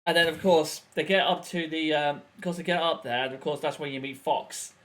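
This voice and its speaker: A man's voice: on the high side, a little fast, fairly bright tone. A British man in his thirties co-hosting a podcast, bantering bluntly in casual chat. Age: 30s. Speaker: podcast co-host.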